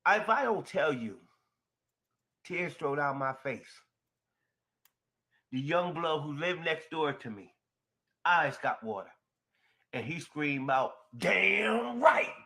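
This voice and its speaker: A man tells a personal story with real animation, his fairly high voice rising and falling all over the place. His tone is bright and forceful, and he talks emphatically, dropping quiet before bursting out loud. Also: takes it slowly, pauses often. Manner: emphatic, expressive, swings from quiet to shouting. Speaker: storyteller in a shared video.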